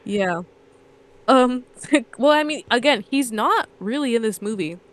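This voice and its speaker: A woman's voice: fairly high pitch, animated, measured pace. A young adult woman co-hosting a casual movie podcast, rambling through trivia and anecdotes. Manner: rambling storyteller, reads trivia aloud. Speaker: podcast co-host.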